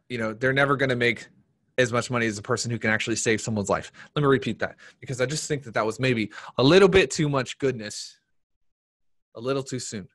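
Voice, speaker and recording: A man leads a live marketing seminar, speaking at an ordinary mid pitch. He talks with energy and hammers his points home by saying them twice. His voice stays plainly conversational as he coaches the room. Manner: energetic, repeats key points for emphasis. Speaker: marketing workshop presenter. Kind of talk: live-streamed business seminar talk.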